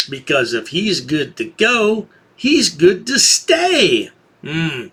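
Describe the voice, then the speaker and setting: A man with a high, husky voice delivers sarcastic commentary at an unhurried pace. His pitch swings widely as he taunts, and his tone stays bright and edgy. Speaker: commentary channel host. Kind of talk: mocking video commentary.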